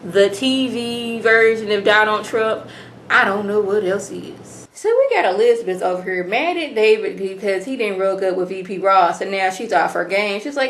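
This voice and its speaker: A woman's voice: mid-range voice, moderate pace, roomy sound. Chatty woman recapping a TV episode. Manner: chatty, slangy, animated retelling. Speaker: TV episode reviewer. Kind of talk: casual recap vlog.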